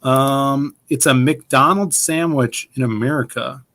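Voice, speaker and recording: A man's voice: medium pitch, takes it slowly, a bit bright. A man hosting a casual comics livestream, reading viewer messages aloud in a playful, upbeat way. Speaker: host reading chat.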